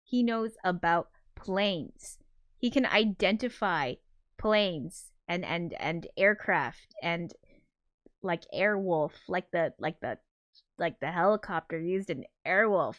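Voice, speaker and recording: A woman's voice: on the low side, lively intonation, slow, muffled recording. A woman hosting a casual livestream, reading viewer comments aloud and reacting with shocked exclamations and laughter. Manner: chatty and rambling, with loud shocked reactions and laughter. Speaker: livestream host and composer.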